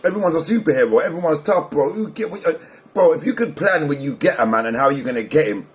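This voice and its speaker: A man's voice: fairly high pitch, lively intonation, fast talker. A man ranting bluntly to camera, slang-heavy and repetitive. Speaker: vlogger commentator. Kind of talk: casual rant to camera.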